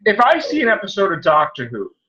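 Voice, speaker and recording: A man's voice: huge pitch swings, fast, bright, forceful tone, dull audio, faint music behind. A man hosting a casual podcast chat, ranting in an exasperated voice. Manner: exasperated, ranting, swinging pitch. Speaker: podcast host.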